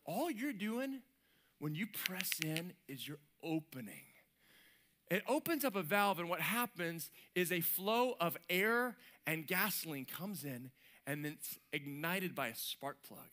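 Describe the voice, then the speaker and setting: A man preaching a sermon as pastor, animated and lively, acting out little voices and sound effects. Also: sits high, unhurried. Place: church stage.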